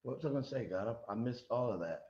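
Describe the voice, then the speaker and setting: A man preaching a fervent sermon, getting loud and exclaiming, telling stories with quoted dialogue. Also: medium pitch, lively intonation, fast, lo-fi sound.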